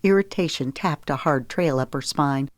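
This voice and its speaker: A woman narrating an audiobook in a steady, measured read. Her voice sits on the lower side, and the recording is dry and close with no room echo. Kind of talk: scripted narration.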